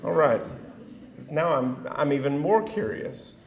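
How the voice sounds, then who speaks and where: A middle-aged man with a country Texas accent gives a keynote, joking at his own expense and stumbling through fillers. His voice is gravelly and his pace is slow. He is heard through an echoey hall with faint noise underneath. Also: fairly high pitch, lively intonation. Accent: rural Texas. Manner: folksy and self-deprecating, with many fillers. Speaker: keynote speaker. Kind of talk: keynote speech with audience banter.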